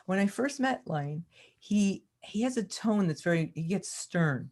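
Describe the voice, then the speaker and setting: A woman's voice: medium pitch, moderate pace. A woman teaching about love and relationships on a community call, talking expressively, acting out quoted lines and laughing often.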